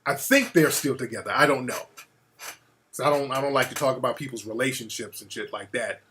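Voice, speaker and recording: A man's voice: medium pitch, fairly quick, a bit bright, slight background noise. A man hosting a call-in talk show, chatting loosely and cursing freely. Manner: profane, loose and conversational. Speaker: radio talk show host.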